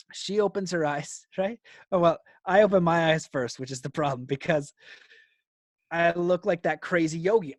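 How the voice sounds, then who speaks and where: A young man guest recounting a story in an interview, lively and quick to laugh, peppering his talk with "like". His voice sits fairly high for a man. The sound is dry and close. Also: no echo. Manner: animated, laughs often, frequent "like".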